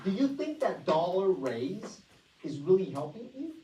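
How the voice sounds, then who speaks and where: Energetic woman presenting in an echoey room. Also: on the low side, measured pace. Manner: energetic, rhetorical questions to the audience. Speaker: financial workshop presenter. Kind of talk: motivational presentation. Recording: echoey room, voice far from mic.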